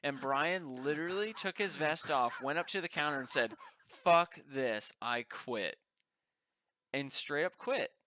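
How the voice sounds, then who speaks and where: A man's voice: a little high, normal speed, hardly any pauses, sharp tone, slight background noise. A man co-hosting a podcast, telling a story in casual, swearing chat. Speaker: podcast co-host.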